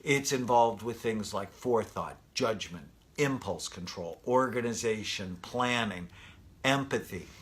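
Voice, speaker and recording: A middle-aged man co-hosting a podcast, calmly explaining in a plain teaching tone. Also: fairly low pitch, measured pace. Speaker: podcast co-host, brain doctor. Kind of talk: casual explanatory chat.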